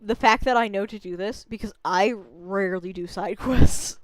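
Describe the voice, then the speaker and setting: A woman's voice: medium pitch, normal speed, few pauses, no room sound. A young woman streaming a video game and chatting in a rambling, self-amused way into a close desk microphone. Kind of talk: casual gameplay commentary.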